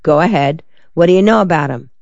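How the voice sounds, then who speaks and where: An audiobook reader voicing a crisp, impatient male police lieutenant. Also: medium pitch, quick pace, darkish tone, no echo, muffled recording, close to an everyday voice. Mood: brisk. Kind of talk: audiobook character reading.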